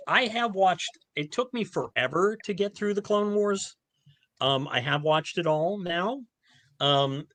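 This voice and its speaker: A man's voice: fairly high pitch, dry recording. Chatty man with a dry sound. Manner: animated, chatty, many restarts. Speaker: podcast co-host. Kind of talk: casual chat.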